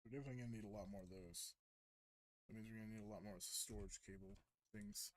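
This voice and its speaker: A man's voice: fairly low pitch, fast talker. Rambling, hesitant young man streaming. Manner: rambling, hesitant, self-correcting. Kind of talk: casual gameplay commentary.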